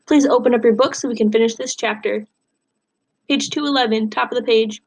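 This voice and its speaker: A woman teacher leads a reading lesson with a fairly high voice. She reads from a novel and stops to pose questions to her students. Her delivery is clear and guiding. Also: steady tone, brisk.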